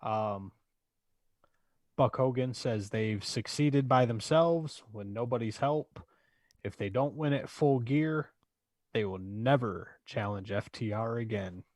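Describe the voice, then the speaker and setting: A man's voice: medium pitch, slow pace, darkish tone, no room sound. A man co-hosting a podcast, giving laid-back, brief recaps of wrestling shows from his notes. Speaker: podcast co-host. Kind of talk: casual wrestling recap chat.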